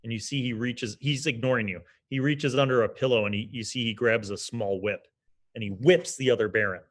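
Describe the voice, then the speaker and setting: A man's voice: medium pitch, fairly quick. A man narrating a tabletop game as game master, casual and descriptive with fillers.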